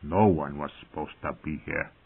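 Male reader doing a low, muttering cutthroat, sour and husky, tinny phone-like audio. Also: monotone, a little fast.

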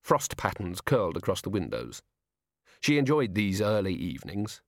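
A man reading a novel aloud as an audiobook narrator, measured and wry. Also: sits low, wildly swooping pitch, no room sound, studio quality. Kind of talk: scripted narration.

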